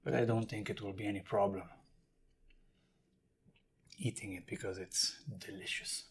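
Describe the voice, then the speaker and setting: A man's voice: lowish voice, steady tone, normal speed, a little hiss or hum. A man talking casually to camera in a food tasting vlog, explaining and eating as he goes. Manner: chatty, talks while eating and handling jars. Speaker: food vlogger.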